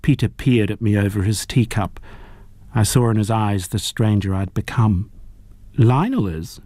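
A man narrating a novel as an audiobook reader, in a measured, even storytelling manner. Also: lowish voice, dry recording. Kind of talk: audiobook reading.

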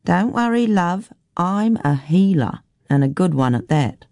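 A woman voicing a rough-edged, blunt middle-aged countrywoman who calls herself a healer, talking in a brusque, folksy way. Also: fairly low pitch, expressive, unhurried, mellow, dry recording, studio quality, pitched above the performer's own voice. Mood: brisk.

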